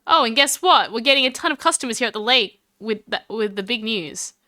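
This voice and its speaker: Australian woman voicing a goofy young man, boastful, rambling, bright dry sound. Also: on the high side, animated, a little fast, no echo.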